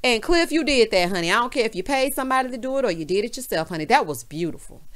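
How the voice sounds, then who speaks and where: A woman with a Southern US accent recapping a reality show in sassy, animated casual chat, dropping "honey" into nearly every line. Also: a little high, fast. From American South.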